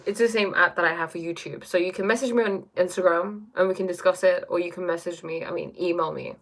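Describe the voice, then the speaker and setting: A woman hosts a relaxed live stream from her bedroom, talking in a somewhat low voice. She muses reflectively as she reads chat, often checking in with "right?" and "you know?". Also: fast. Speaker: livestream host reading chat.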